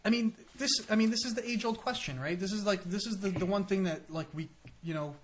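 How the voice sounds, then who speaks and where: American guy rambling on a podcast, kinda high voice, does goofy quote voices. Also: brisk, slight background noise. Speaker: podcast co-host. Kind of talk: casual chat.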